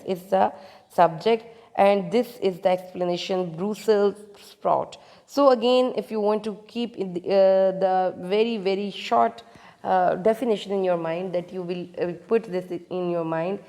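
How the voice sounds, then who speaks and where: A woman teacher giving a grammar lecture, halting and restarting often, putting questions to her students. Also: medium pitch, vocal fry, mellow, long reverb tail. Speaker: English teacher.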